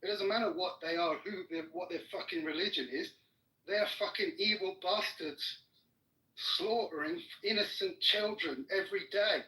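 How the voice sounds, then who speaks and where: A high, bright-voiced man argues in a furious rage, swearing in nearly every sentence and cutting the other person off. The sound is roomy and echoey. He is picked up from some distance from the mic. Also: moderate pace. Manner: furious, swearing constantly, shouting down his opponent. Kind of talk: heated argument.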